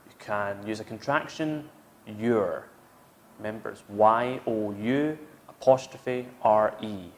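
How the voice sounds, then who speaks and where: A man's voice: on the low side, slow. A man teaching an English grammar lesson, explaining step by step and repeating each example sentence. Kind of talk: slow, patient grammar lesson.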